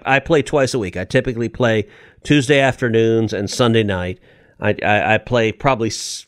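Animated self-mocking man in his fifties. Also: lowish voice, no room sound, studio quality. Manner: animated, self-deprecating, restarts often. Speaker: politician guest. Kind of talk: casual interview storytelling.

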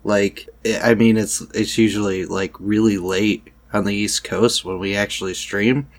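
Deadpan male podcast host. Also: on the low side, measured pace. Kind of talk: podcast outro.

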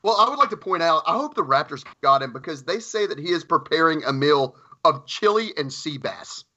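A man's voice: a little high, lively intonation, a little fast, pushed and bright. A man co-hosting a podcast, joking in a sarcastic, profane way in casual banter. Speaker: podcast co-host. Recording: dull lo-fi mic.

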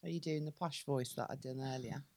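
A woman's voice: extremely low pitch, a little fast, warm tone, dry recording. A woman co-hosting a podcast, tired and playfully complaining about her partner. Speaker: podcast co-host. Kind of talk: casual chat.

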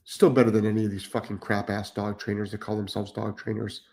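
A man's voice: on the low side, little pitch movement, fairly quick, mellow. A middle-aged man hosting a live stream as a dog trainer, blunt and profane, repeating himself for emphasis as he reads chat comments.

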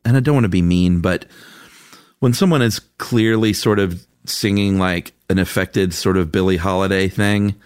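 A man's voice: deep voice, normal speed, clear, resonant tone, no echo, clean studio sound. A man co-hosting a casual podcast, reading out listener comments and giving frank, laid-back opinions with a chuckle. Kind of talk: casual chat.

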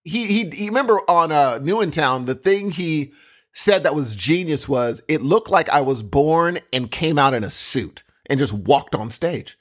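Animated, rambling male podcast co-host. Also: a little high, measured pace. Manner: animated, rambling, acts out quotes. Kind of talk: casual chat.

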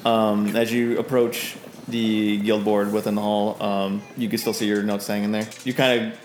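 Game master, male, low voice, rambling relaxed narration in a roomy space. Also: moderate pace, slight background noise. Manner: loose, hesitant narration with many fillers.

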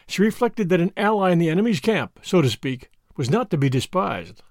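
Man, audiobook narration, lively pitch swings, fairly high voice, dry close sound. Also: fairly quick, dry recording. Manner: expressive storytelling. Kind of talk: scripted narration.

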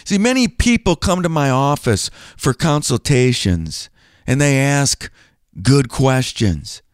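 A man's voice: medium pitch, animated, takes it slowly, smooth, no echo, studio quality. A middle-aged man hosting a podcast as a financial planner, chatty and self-deprecating in a casual style.

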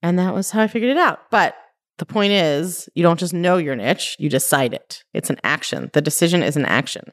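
A woman's voice: on the low side, lively intonation, a little fast. A woman hosting her own podcast as a coach, talking casually and bluntly, often saying "like" and "right?" and swearing now and then. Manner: conversational, frequent "like" and "right?", mild swearing. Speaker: podcast host and life coach. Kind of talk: casual solo podcast talk.

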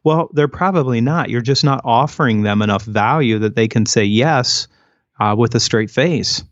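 A man's voice: medium pitch, normal speed, dry recording, highs cut off. A man, an author and sales expert, guesting on a podcast interview with wry, sarcastic humor.

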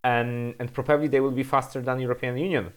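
A man speaking as a panelist, halting and repeating words as he searches for the right one. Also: mid-range voice, flat delivery, smooth. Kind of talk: panel discussion.

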